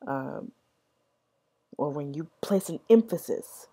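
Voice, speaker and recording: Low slow woman vlogger rambling on, lotta "right?", mellow kinda husky voice. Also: animated. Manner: rambling, repeats words, many "right?" checks. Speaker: vlogger explaining language. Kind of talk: casual explanatory talk.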